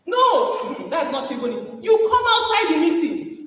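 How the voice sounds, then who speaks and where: Animated Nigerian woman in an echoey hall. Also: sits high, a little slow, recorded from a distance. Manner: animated, acts out dialogues with Pidgin asides. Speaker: conference speaker. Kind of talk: motivational keynote talk.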